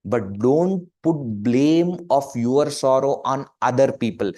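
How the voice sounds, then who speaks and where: A man with an Indian English accent, a spiritual teacher giving a conversational webinar talk, animated and full of rhetorical questions and acted-out examples. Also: mid-range voice, slow, hardly any pauses. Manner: animated, acts out questions and quoted people. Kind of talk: webinar talk on joyful living.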